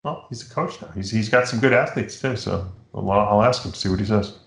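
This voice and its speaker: A middle-aged man from New York hosting a show, chatting casually and telling rambling, animated stories. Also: lowish voice, a little fast, creaky, roomy sound. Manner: rambling, animated storytelling with impressions. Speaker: podcast host. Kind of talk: casual chat.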